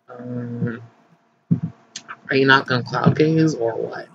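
A man casually commenting as he plays a life-sim game, chatty, excitable and gossipy, recorded on slightly dull lo-fi audio. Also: mid-range voice, takes it slowly, gravelly, pauses often, background noise. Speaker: gaming channel host. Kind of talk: casual let's play commentary.

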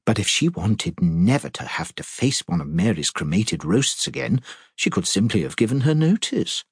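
A man voicing a young vicar's wife who talks in a brisk, teasing, quick-witted way. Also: lowish voice, very animated, breathy edge, dry recording, clean studio sound, full character voice.

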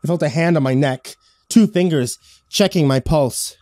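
A man's voice: fairly high pitch, normal speed, dark tone, no room sound, studio quality. A man narrating a first-person horror story in a dramatic, scripted storytelling style.

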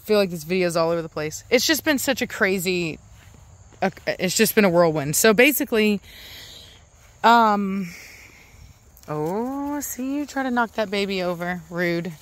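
A woman's voice: mid-range voice, animated, normal speed. A young adult woman hosting a casual vlog, talking in a rambling way with many restarts and stopping to coo at her dogs. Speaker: dog breeder and channel host.

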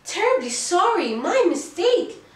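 A woman putting on a storybook mole, male, high and fussy, apologetic, slow, roomy echo from a set-back mic. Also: sing-song, recorded from a distance, heavily acted. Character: polite flustered male mole who lost his glasses.

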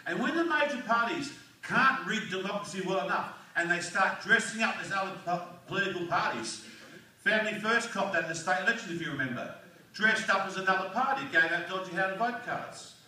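Firing off rhetorical questions, an Australian man gives a rousing, blunt speech at a community forum in a hall. His high-pitched voice is animated, pushed and bright, moving a little fast. The recording is distant and echoey.

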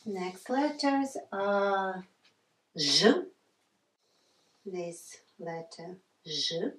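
A woman teaching a pronunciation lesson, slowly naming letter sounds in pairs and repeating example words. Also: medium pitch, animated. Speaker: language teacher. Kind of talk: slow classroom pronunciation lesson. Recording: echoey room from far off.

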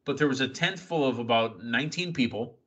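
A bright, forceful man hosts a casual wrestling podcast, running through recaps with playful quips. His pitch sits in the middle range. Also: expressive, a little fast, slightly rough, lo-fi sound. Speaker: podcast host.

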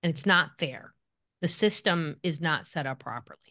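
A middle-aged woman speaking as an expert guest on a podcast, animated and acting out the voices she quotes. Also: low-pitched, moderate pace. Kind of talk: podcast interview.

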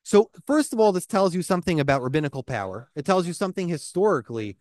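A man teaching a Talmud lesson in an animated, emphatic way, often asking rhetorical questions. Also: on the high side, fast, dry recording, studio quality. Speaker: Torah teacher. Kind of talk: Talmud lecture.

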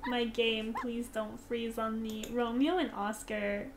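A young woman casually commenting on a game she plays, gushing and excitable, dropping now and then into soft whispers. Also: a little high, slow pace, noisy background. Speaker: gaming channel host.

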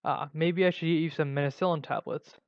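A man voicing a mild, concerned middle-aged father who asks gentle questions. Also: fairly high pitch, fairly even intonation, brisk, creaky, dry recording. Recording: dull lo-fi recording.

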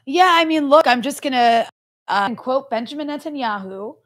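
A woman's voice: sits high, expressive, normal speed. A woman co-hosting a political talk show, sardonic and emphatic, with many "like" fillers. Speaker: co-host. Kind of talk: casual political commentary.

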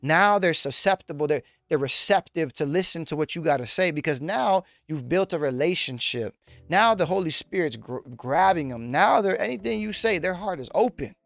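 A man preaching a teaching sermon in a voice pitched a little high, driving his points home by repeating them and speaking straight to his listeners. The recording is dry and close, with faint music underneath. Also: expressive, moderate pace, creaky, dry recording. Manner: emphatic, repetitive, direct address to listeners. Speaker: pastor.

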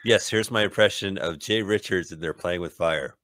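A man's voice: low voice, normal speed, a bit bright, no echo. A man hosting a podcast, giving jokey, casual commentary over a movie. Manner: jokey, riffs on the film, playful bits of voices. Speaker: podcast host.

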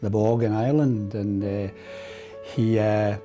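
A man's voice: lowish voice, steady tone, a little slow, warm tone. A man recalling a priest's early years in a reflective, hesitant way. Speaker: parishioner. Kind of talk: casual recollection. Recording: music behind.

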